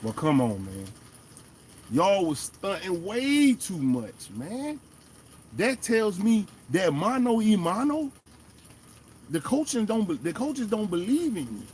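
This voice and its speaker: A man hosting a fan show, giving animated, emphatic casual commentary and talking straight to the players. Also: sits high, a little slow, slight background noise. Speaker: sports fan show host.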